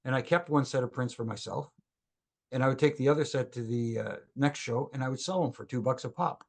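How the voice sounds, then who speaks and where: Middle-aged man, podcast guest, gravelly and husky, anecdotal storyteller. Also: mid-range voice, a little fast. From Canada. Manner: lively anecdotal storyteller who acts out quoted dialogue. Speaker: guest, former wrestling referee.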